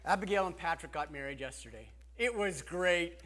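A man's voice: a little high, expressive, moderate pace, a bit bright. A man preaching a sermon as pastor, talking earnestly and conversationally, often restarting his sentences.

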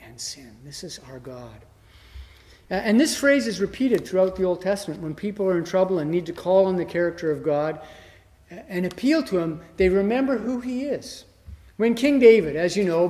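A man preaching a sermon expressively, swinging from loud emphasis to hushed, almost whispered lines. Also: high-pitched, long reverb tail. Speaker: pastor.

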